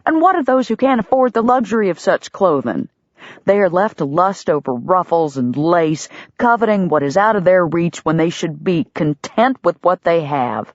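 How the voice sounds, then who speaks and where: A gruff, stern young frontier man with a clipped, unbending way of speaking, as a woman reads him in an audiobook. The sound is dry and a little dull, like a lo-fi storybook recording. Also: fairly low pitch, sing-song, moderate pace, no room sound. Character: stern, gruff young male livery owner.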